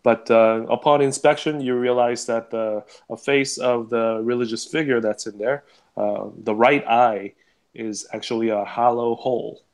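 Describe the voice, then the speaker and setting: A man acting as game master, describing scenes to the players with many pauses and fillers. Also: medium pitch, steady tone. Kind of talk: narrating a tabletop game.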